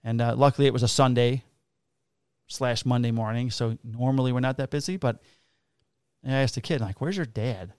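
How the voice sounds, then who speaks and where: A man's voice: mid-range voice, little pitch movement, a little fast, pauses often, a little mellow, clear, resonant tone, no echo, clean studio sound. A man, a police officer casually telling profane stories and acting out the dialogue. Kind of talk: casual storytelling chat.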